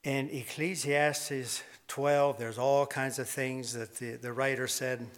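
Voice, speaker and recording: A man's voice: mid-range voice, fairly even intonation, takes it slowly. Older male preacher, loose folksy sermon delivery full of self-deprecating asides. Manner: rambling, folksy storytelling with self-deprecating humor.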